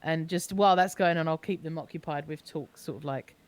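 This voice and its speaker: A woman's voice: deep voice, a little fast, darkish tone, a little hiss or hum. A woman playing a tabletop role-playing game, talking casually with frequent laughs and hesitant fillers. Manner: giggly, hesitant, full of fillers. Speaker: player.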